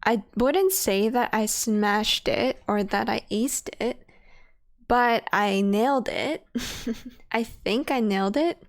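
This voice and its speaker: A woman's voice: on the high side, slow pace. A young woman streaming, chatting casually and laughing often while a little out of breath. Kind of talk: casual chat.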